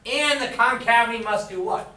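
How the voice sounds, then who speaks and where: A man's voice: extremely high pitch, normal speed, bright, forceful tone. Male math teacher quizzing a class. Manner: quizzing the class with fill-in questions. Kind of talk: classroom lecture. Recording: echoey room, far from the mic.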